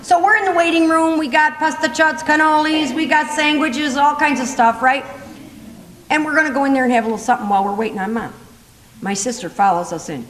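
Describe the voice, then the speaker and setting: A woman in her fifties giving a lively, laughing comedic talk as a motivational humor speaker. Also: sits high, fairly quick, a little hiss or hum. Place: large conference hall. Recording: long reverb in a conference hall.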